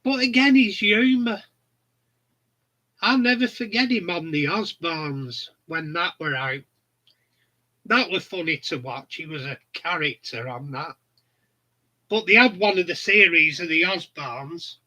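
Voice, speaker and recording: A man's voice: a little high, a little slow, long pauses, pushed and bright, rough recording. A middle-aged man, chatting casually and bluntly, rambling through funny stories. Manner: rambling, blunt, laughs at his own stories. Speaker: channel host. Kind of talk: casual chat.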